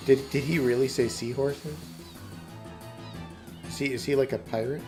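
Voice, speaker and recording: A man's voice: medium pitch, fairly even intonation, over music. Playful man streaming a game. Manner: playful, quick reactions, swears. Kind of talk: casual let's-play chat.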